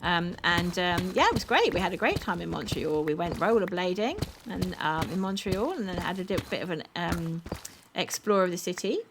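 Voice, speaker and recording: A woman from South London with a South London accent, chatting casually with her viewers while playing a game, upbeat and quick to laugh. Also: fairly low pitch, lively intonation, noisy background. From South London, England. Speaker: streamer. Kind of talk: casual chat with live chat while gaming. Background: background music.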